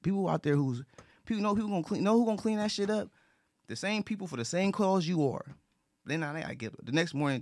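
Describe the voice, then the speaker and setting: With a high-sitting voice, lively intonation, and a quick pace, a man talks casually in a studio-quality recording free of room sound. Earnest and repetitive, he restarts sentences frequently and curses.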